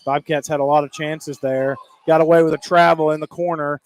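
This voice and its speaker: A man calling high school basketball play-by-play, rapid and excitable, climbing higher on big plays. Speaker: play-by-play announcer.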